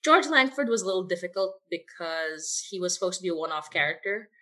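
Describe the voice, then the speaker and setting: A woman's voice: on the low side, fairly quick, sharp tone. A woman who writes and voices an audio drama, chatting casually with frequent laughs and rambling asides. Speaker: podcast writer and voice actor. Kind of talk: casual behind-the-scenes chat.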